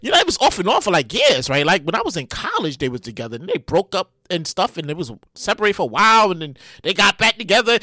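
A man hosting a solo podcast, whose voice swings wildly between low mutters and high yelps. His tone is bright and sharp, and the dry sound carries little room. He talks straight to his listeners, casual and profane, with sudden loud outbursts. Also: huge pitch swings, quick pace, hardly any pauses, dry recording. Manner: addresses listeners directly. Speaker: podcast host.

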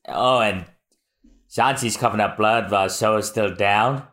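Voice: medium pitch, fairly even intonation, a little slow, a bit bright. A podcast co-host casually narrating comic scenes and reacting to them as they read. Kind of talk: casual chat reading manga aloud.

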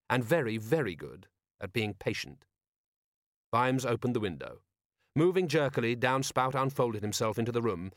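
A man narrating a fantasy novel in a measured, storytelling way. His voice sits in a middle register. He is close to the mic in a dead-dry booth. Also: medium pitch, no echo. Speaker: audiobook narrator. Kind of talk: scripted narration.

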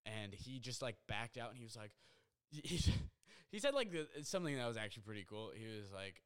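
At home in his apartment, a young man records a solo podcast, telling a story in a loose, rambling monologue. His smooth, resonant voice sits mid-range for a man, he talks a little fast, and he piles on fillers as his excitement builds.

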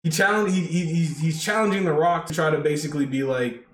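A man's voice: on the high side, a little fast, a bit bright. A man co-hosting a podcast, retelling events in a rambling way, stuffed with "like" and "basically". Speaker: podcast co-host. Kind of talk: casual chat. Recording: echoey room with faint noise.

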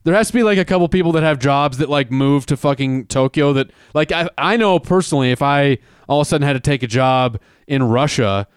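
A man's voice: mid-range voice, brisk, hardly any pauses, clean tone, dry recording, studio quality. A man co-hosting a casual sports podcast, blunt and bantering, swearing casually. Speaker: podcast co-host.

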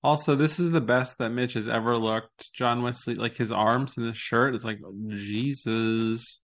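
Laughing, excitable male podcast co-host. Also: medium pitch, normal speed. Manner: excitable, laughs often, quotes scenes in funny voices. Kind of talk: casual chat.

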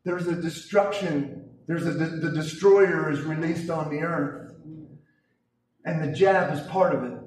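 A man's voice: high-pitched, slight background noise. A man preaching an emphatic, rousing charismatic sermon, often restarting his phrases as he builds momentum. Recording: very echoey hall from far off.

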